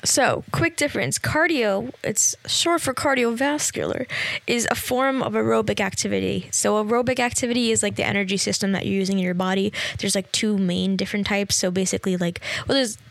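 A woman's voice: mid-range voice, a little fast, vocal fry, dry recording. A young woman from New York hosting a casual solo fitness podcast, talking chattily with constant fillers into a close mic. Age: young adult. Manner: chatty, filler-heavy, lots of "like". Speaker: podcast host and fitness trainer.

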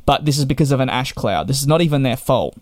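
A man's voice: mid-range voice, animated, quick pace, a little mellow, no echo, clean studio sound. A young man tells a frustrated storytime rant to camera. He sounds exasperated and sarcastic. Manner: exasperated and sarcastic, with repeated restarts. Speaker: travel vlogger.

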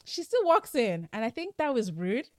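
A woman's voice: on the high side, sing-song, normal speed, darkish tone, no echo, studio quality. A woman co-hosting a podcast, chatting casually and playfully teasing while recapping a book. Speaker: podcast co-host. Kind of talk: casual book-club chat.

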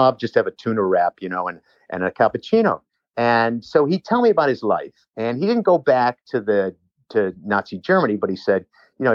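A man's voice: medium pitch, no room sound, lo-fi sound. A man, a personal trainer, telling a long rambling story in casual chat with many restarts and asides.

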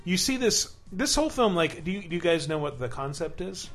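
A man's voice: a little high, sing-song, fairly quick, loud music behind the voice. A man co-hosting a comedy podcast, talking enthusiastically in a rambling, casual way. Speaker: podcast co-host.

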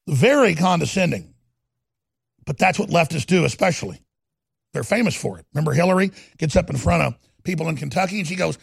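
A man hosting a talk radio show, delivering a heated, ranting monologue that swings between loud and quiet. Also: a little high, expressive, fairly quick, vocal fry, slightly rough, dry recording, clean studio sound.

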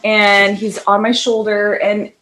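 A woman's voice: mid-range voice, completely flat delivery, slow pace, fairly bright tone, a little hiss or hum. A woman co-hosting a podcast, chatting casually in a giggly, rambling way. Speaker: podcast co-host. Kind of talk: casual chat. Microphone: podcast studio microphone.

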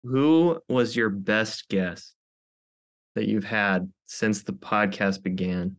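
A man's voice: fairly low pitch, takes it slowly. A man chatting as a guest on a podcast, rambling and self-conscious, joking with the hosts. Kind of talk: casual chat. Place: podcast studio.

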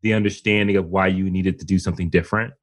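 Give me a podcast co-host with a very low voice, asking reflective questions and searching for words as they go. The delivery is unhurried and conversational. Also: fairly even intonation.

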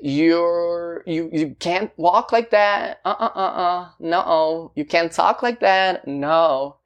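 Man, singer, personal to-camera talk. Slow, halting, gravelly. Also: on the high side, dull audio. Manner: halting, searching for words, often asking "you know?". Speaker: singer talking about his debut album.

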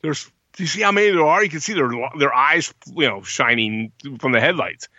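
A man recounts a story in an animated, bright voice that leaps up for quoted lines. The sound is dry and a little dull, like a lo-fi recording. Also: fairly high pitch, a little fast, no echo. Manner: animated, acts out quotes in a raised voice. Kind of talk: casual storytelling.

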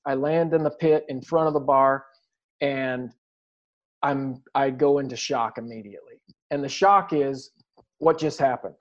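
A man's voice: mid-range voice, a little slow. A man telling his story in an interview, earnest and reflective, often restarting his sentences. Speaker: guest athlete. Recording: dull lo-fi recording.

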